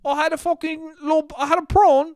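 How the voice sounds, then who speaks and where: A man's voice: very high voice, little pitch movement, a little fast, a little mellow, no room sound, clean studio sound, voice pushed up. A man putting on a cheery, brash Australian bloke with a chummy drawl and an attempted Australian accent.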